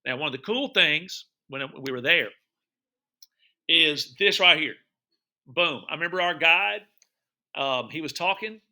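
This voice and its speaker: A man's voice: fairly high pitch, bright, forceful tone. A middle-aged man teaching, narrating his travel photos for students in a chatty, enthusiastic way and quizzing them as he goes. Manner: chatty, enthusiastic, repeats words and quizzes listeners.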